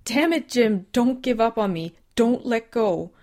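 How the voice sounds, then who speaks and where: A woman reading an audiobook voices a panicked young woman trying to save a dying friend, pleading and crying out loudly. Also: lowish voice, takes it slowly. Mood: desperate. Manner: frantic, pleading, breaking into loud cries.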